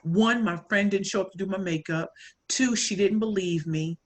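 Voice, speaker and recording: A woman from St. Louis with a St. Louis accent, telling a story and coaching in an animated, audience-directed way. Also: mid-range voice, normal speed. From St. Louis, Missouri. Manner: animated, addresses audience as y'all, acts out quoted lines. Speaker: pitch coach and speaker. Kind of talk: motivational talk, storytelling.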